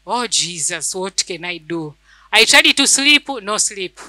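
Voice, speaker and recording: A woman's voice: mid-range voice, sing-song, measured pace, sharp tone, dry recording, rough recording. Fervent woman preaching. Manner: fervent, repeats phrases for emphasis. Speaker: church elder preaching. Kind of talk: sermon with personal testimony.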